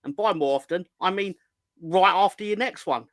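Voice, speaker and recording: A man, a regular pundit on a football fan show, trading deadpan sarcastic banter. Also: high voice, normal speed, dry recording. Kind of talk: casual banter.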